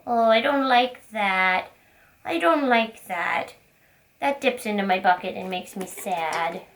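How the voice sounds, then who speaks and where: A woman voicing a shy young male puppet student, soft and a little hesitant. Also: mid-range voice, animated, takes it slowly, pitched below the performer's own voice. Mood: glum.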